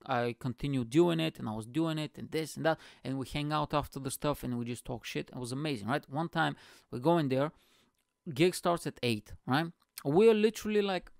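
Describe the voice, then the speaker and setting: A young man telling a comedy-gig story in a casual, animated monologue, swearing and acting out the scene. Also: a little high, vocal fry, no room sound, clean studio sound. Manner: animated, swearing, acts out scenes with chummy slang. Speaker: stand-up comedian and podcast host.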